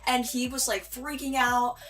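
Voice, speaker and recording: A woman's voice: sits high, flat delivery, moderate pace, a bit bright, faint music behind. A young woman from Michigan chatting through a vlog, giggly and full of fillers as she tells a story. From Michigan, USA. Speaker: vlogger.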